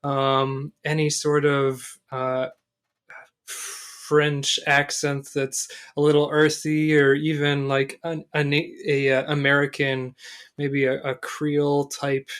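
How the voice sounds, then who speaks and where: A man co-hosting a gaming podcast, speaking in a tongue-in-cheek way and often pausing to restart his sentences. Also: a little high, completely flat delivery, fairly bright tone, clean tone. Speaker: podcast co-host. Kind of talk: casual podcast chat.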